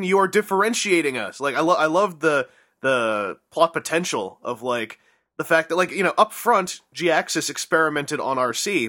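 Bright-voiced enthusiastic podcast host. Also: male voice, medium pitch, dry recording, studio quality. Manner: enthusiastic, rambling with fillers. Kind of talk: casual podcast chat.

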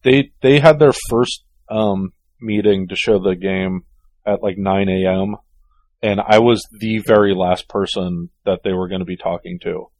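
A man's voice: low voice, a little slow, a little mellow, no room sound. A man co-hosting a casual chat, hesitant and full of restarts. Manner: hesitant, many ums and restarts. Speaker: podcast co-host.

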